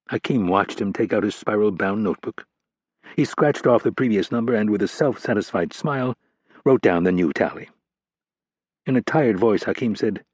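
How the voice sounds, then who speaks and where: A man narrates a thriller audiobook in a measured, steady manner. His voice sits low with a husky grain. The sound is close and dry, with no room around it. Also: no room sound.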